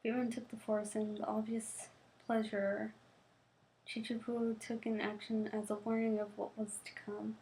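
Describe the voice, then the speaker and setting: A woman's voice: a little high, completely flat delivery, normal speed, darkish tone, a little hiss or hum, low-quality recording. Young woman reading a novel aloud, stumbling. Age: young adult. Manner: stumbling and restarting on words. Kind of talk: reading aloud with casual asides.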